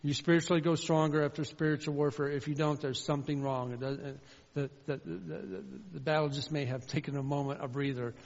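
A man preaching a sermon as a pastor, shifting from loud fervent calls to quiet personal storytelling. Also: on the high side, fairly even intonation, fairly quick, creaky, few pauses. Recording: dull sound with long hall reverb.

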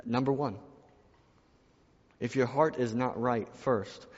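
A man's voice: medium pitch, takes it slowly. A man preaching a sermon to his church, repeating phrases and building emphasis as he speaks. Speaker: pastor. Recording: dull sound with long hall reverb.

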